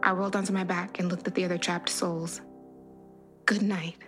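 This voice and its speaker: A woman's voice: lowish voice, little pitch movement, fast talker. A woman podcast host reading a first-person horror story aloud in an intense, dramatic storytelling manner. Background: music.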